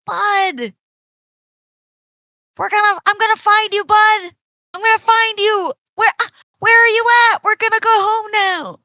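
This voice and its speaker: Brief: a woman doing a squeaky, eager whiskered girl, bright and shrill, hollering for her buddy. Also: steady tone, normal speed, no echo, clean studio sound. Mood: frantic. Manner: shrill and eager, shouting for a friend. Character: excitable young woman with whiskers, calling out.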